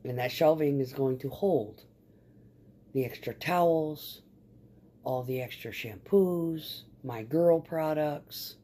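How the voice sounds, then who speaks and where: A woman's voice: low-pitched, slow, dark tone. A woman chatting casually in a vlog about remodeling her home, rambling and swearing freely. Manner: rambling and profane.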